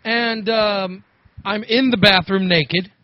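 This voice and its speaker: Man, high voice, rambling casual storytelling, dry dull lo-fi sound. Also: steady tone, takes it slowly, no echo. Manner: rambling, repeats himself, laughs often. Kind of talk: casual chat, telling a funny story. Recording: dull lo-fi recording.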